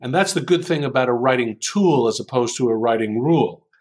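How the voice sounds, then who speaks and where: Brief: man from New York, guest in an interview, unhurried speaker who muses aloud with frequent fillers, mid-pitched voice. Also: darkish tone. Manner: unhurried storytelling with many ums. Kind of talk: interview conversation.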